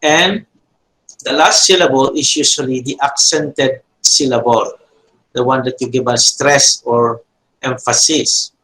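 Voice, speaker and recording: A man gives a Biblical Hebrew grammar lecture at an unhurried, deliberate pace. He talks haltingly, pausing on fillers and correcting himself mid-sentence. His pitch sits in an ordinary middle range, and he repeats key terms and examples so students can follow. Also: fairly even intonation, sharp tone, slight background noise, low-quality recording. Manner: slow and halting, frequent uh fillers and self-corrections.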